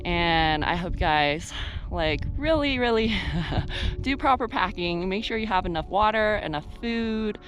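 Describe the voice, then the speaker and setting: A woman's voice: medium pitch, lively intonation, measured pace, faint music behind. A young woman vlogging while hiking a mountain trail, chatting playfully to the camera with plenty of fillers, at times out of breath. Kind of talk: casual vlog while hiking.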